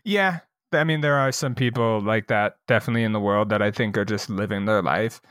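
A man's voice: fairly low pitch, fairly quick, a bit bright, dry recording, clean studio sound. A young man co-hosting a casual podcast, riffing on jokes and swearing freely. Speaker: podcast co-host.

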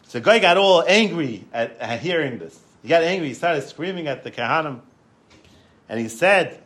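A man giving a Torah lecture, telling stories in an animated way, often repeating words and restarting. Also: fairly high pitch, normal speed. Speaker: Torah class teacher.

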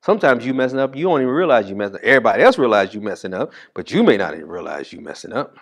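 A male pastor preaching a sermon in a casual, call-and-response style, reading scripture slowly and swinging from loud bursts to hushed asides. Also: fairly low pitch, sing-song, creaky.

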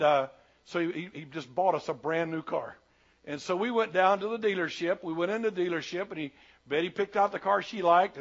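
Folksy preacher, high voice, lo-fi. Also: male voice, fairly bright tone. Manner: folksy, plain-spoken preaching with colloquial asides. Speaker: pastor. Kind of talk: sermon. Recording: dull lo-fi sermon recording.

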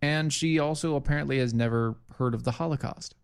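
A man hosting a call-in show in a relaxed, chatty way. He jokes easily, stumbles over restarts and fillers, and speaks at an ordinary pitch for a man. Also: brisk, clean tone. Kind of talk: casual call-in chat.

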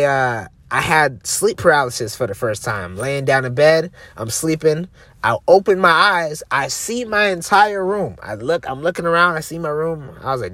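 A man's voice: medium pitch, fairly bright tone, no room sound. A man hosting a podcast, telling a long story in a casual, rambling and profane way with many restarts. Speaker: podcast host.

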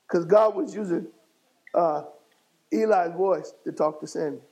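A man delivers a fiery sermon from the pulpit of a church, speaking. His voice sits high for a man and carries a gravelly edge, and he pushes his congregation with call-and-response and sudden shouts. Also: slow pace, long pauses, poor audio. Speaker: bishop preaching. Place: church sanctuary.

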